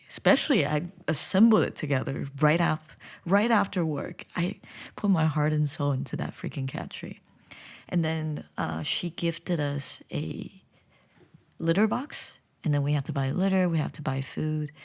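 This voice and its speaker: A woman's voice: sits low, creaky. A woman vlogger telling a personal story in a casual, chatty way, sometimes dropping to a whisper. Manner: chatty, animated, drops to whispers.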